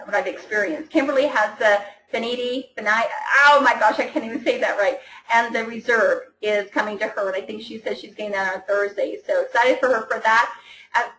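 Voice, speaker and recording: A chatty, enthusiastic woman talks her team through a casual training call, stumbling and restarting as she goes. Her voice sits fairly high. The sound has the echo of a roomy space. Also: a bit bright. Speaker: team coach.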